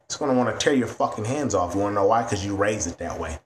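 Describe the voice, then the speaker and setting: A man's voice: on the low side, expressive, fast talker, slight background noise. Blunt, profane man ranting. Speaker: vlogger. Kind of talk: ranting to camera.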